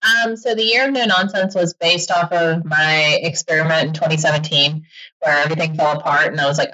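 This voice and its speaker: A middle-aged woman speaks as a guest in a casual interview, candid and animated, laughing often. Her voice is bright and forceful, sitting a bit low in pitch. The audio is dull and lo-fi. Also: a little fast. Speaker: podcaster and author guest.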